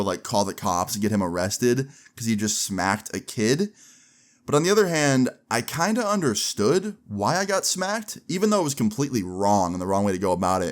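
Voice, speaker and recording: A young man recounting a personal story to camera in a relaxed, slangy vlog style. His voice sits a little low, and he keeps the telling lively. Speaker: vlogger.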